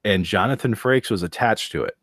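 A man's voice: on the low side, fairly quick, a crowd in the background. A man co-hosting a podcast, telling stories in a wry, casual way with some swearing. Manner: wry, profane storyteller. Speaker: podcast co-host. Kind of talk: casual storytelling chat.

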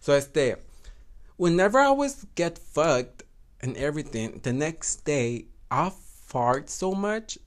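Young guy rambling on his podcast, cussing a lot, laughing, voice jumps all over, a bit high. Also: animated, normal speed. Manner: crude, laughing, switches between English and Spanish. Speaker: podcast host. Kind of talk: casual solo podcast chat.

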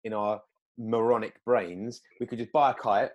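A man telling a story in casual chat, animated, acting out quoted lines with big jumps in pitch. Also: moderate pace, dull audio.

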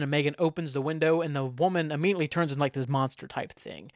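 Rambling man with a higher voice. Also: steady tone, quick pace, hardly any pauses, no room sound, clean studio sound. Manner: rambling, lots of filler words; laughs while telling. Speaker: podcast host. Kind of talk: casual chat.

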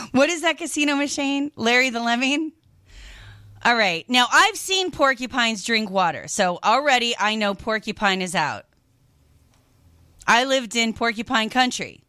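A woman hosting a radio shopping show, chatting casually and animatedly, reacting with loud disgust and telling stories. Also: fairly high pitch, no room sound. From lived in New York.

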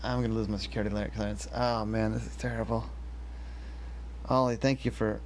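A man's voice: on the low side, little pitch movement, a little fast, a little hiss or hum, close to an everyday voice. A man voicing a flustered woman engineer and mother, rambling and fretful, in close to his own voice.

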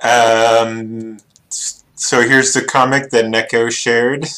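A laid-back male host running a live stream and teasing his guests. His voice sits at an ordinary mid pitch. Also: flat delivery, takes it slowly, sharp tone, slight background noise. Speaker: podcast host. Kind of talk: casual stream hosting.

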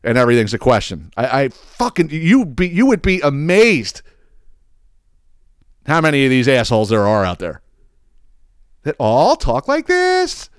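A man rants profanely on his podcast, tripping over repeated words as he goes. His voice is smooth and clear, recorded close and dry. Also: mid-range voice, big pitch swings, moderate pace, dry recording. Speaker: podcast host. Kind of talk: casual podcast rant.

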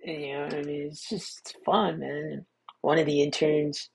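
A man's voice: a little high, flat delivery, normal speed, creaky, a little hiss or hum. A young man hosting a solo podcast, rambling in a laid-back way with many restarts and fillers. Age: young adult. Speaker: podcast host. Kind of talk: casual solo podcast monologue.

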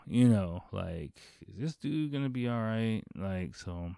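Low-voiced man telling a profane story. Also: brisk, no echo, clean studio sound. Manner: profane, animated anecdote with acted-out quotes. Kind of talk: casual storytelling.

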